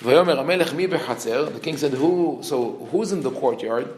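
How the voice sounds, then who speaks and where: A man, a rabbi, gives a Torah class. He reads Hebrew verses quickly, translates them and acts out the characters' lines with lively intonation. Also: a little high, reverberant, a little hiss or hum, rough recording.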